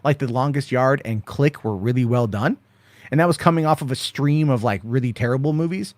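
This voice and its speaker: A man's voice: mid-range voice, fairly quick, dry recording. A man hosting a casual late-night stream and answering viewer questions one after another. His talk rambles and swears freely, with lots of filler as he moves through the list. The voice sits in an ordinary middle range and is recorded dry and close, with no room sound. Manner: rambling, profane, reads viewer questions aloud. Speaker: host answering chat questions. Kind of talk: casual live-stream chat.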